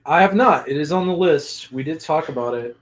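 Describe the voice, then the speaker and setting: A man's voice: fairly high pitch, expressive, a little fast. Chuckling man riffing on a movie. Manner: laughs often, rambling asides. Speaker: podcast host. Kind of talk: casual movie commentary.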